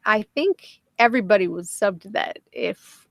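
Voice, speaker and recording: A woman's voice: mid-range voice, animated, normal speed, creaky, fairly bright tone, dry recording. A woman hosting a casual livestream, talking bluntly with lots of swearing and frequent laughter. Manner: blunt, profane, laughs often. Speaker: livestream host.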